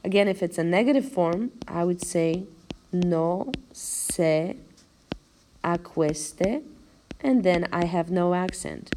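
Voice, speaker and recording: A woman teaching in a recorded video lecture, speaking slowly and deliberately as she counts out syllables one by one. Her voice is low and mellow, with a faint hiss of noise behind it. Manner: slow, careful explanation, spelling out syllables. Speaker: language teacher.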